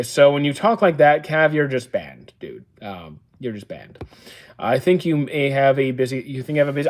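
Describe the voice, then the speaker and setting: A man in his thirties, a streamer, casually reading viewer comments aloud and answering them with dry, deadpan replies from an indoor storage room. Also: mid-range voice. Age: 30s. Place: indoor room used for storing action figures.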